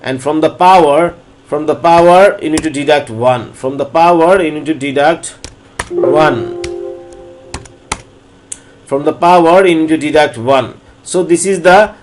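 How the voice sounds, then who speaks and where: A man lecturing on differential calculus, walking through each step slowly and repeating phrases as he explains. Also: a little high, a little hiss or hum. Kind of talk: recorded math lecture.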